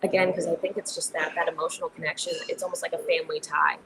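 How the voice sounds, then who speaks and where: A young woman with a slightly low voice chats easily as a podcast guest, full of fillers and quick laughs. A steady hiss of background noise sits under her voice. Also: creaky. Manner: chatty, many fillers and restarts, laughs easily. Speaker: guest, theater director. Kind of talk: casual podcast interview.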